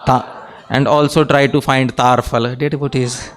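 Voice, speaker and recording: A man's voice: mid-range voice, steady tone, normal speed, a bit bright. A man giving a devotional scripture class, often asking his listeners questions and repeating a fond address to them, with light laughs between points. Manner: engages audience with questions, repeats "dear devotees".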